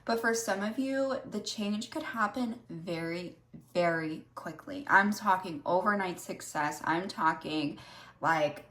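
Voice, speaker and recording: A woman's voice: fairly low pitch, normal speed, a bit bright. A young woman giving a casual tarot reading, rambling earnestly with many "like"s and "um"s. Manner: rambling, earnest, heavy use of 'like' and 'um'. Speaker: tarot reader. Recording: roomy echo.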